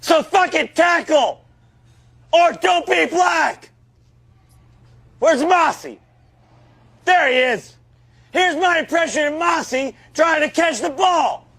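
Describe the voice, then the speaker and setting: Furious football coach, high strained shouting, gravelly, profane, comedy sketch. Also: male voice, lively intonation, takes it slowly, pauses often, heavily acted. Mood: raging. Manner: bellowing insults, profane rants. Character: foul-mouthed, raging male high school football coach.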